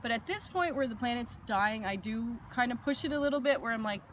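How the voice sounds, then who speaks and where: A woman hosting a casual chat, telling a personal story with lively, acted-out asides. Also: fairly high pitch, brisk, a little hiss or hum. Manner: animated storytelling with acted-out quotes. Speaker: host.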